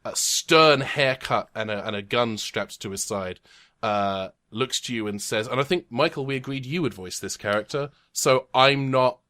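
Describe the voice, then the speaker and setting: A man's voice: medium pitch, normal speed, pushed and bright. A man running a tabletop game as game master, narrating in a dry, wry way with many fillers, recorded remotely. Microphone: remote home mic.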